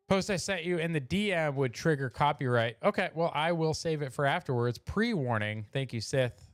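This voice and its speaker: A man's voice: on the high side, animated, normal speed, dry recording, clean studio sound. A man hosting a casual livestream, chatting and reacting to clips for his viewers. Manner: laughing, chatty, addresses chat. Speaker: livestream host. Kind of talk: casual live commentary. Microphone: desk mic, streaming.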